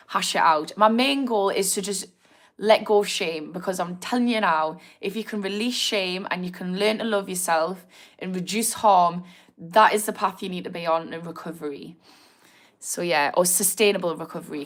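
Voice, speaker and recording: A woman's voice: lowish voice, fairly bright tone. A woman from the north of England with a broad Geordie accent, talking straight to her viewers in a casual livestream. She is chatty and encouraging, laughs easily, swears now and then, and keeps the talk loose and friendly. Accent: Newcastle (Geordie). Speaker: addiction therapist hosting a livestream. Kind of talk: casual livestream chat, reading out viewer comments.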